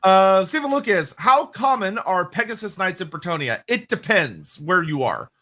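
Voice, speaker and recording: Male co-host, animated and bright, high voice that jumps around a lot. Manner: animated, quick, jokey. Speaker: co-host reading viewer questions. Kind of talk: casual live stream chat.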